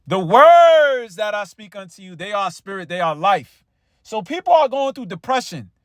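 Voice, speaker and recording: High-voiced man preaching casually. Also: sing-song, fairly bright tone, clean tone, no room sound, studio quality. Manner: loose and conversational, with frequent "all right" and "right?" and stumbling repeats; reads scripture slowly and with emphasis. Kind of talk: casual sermon with scripture reading.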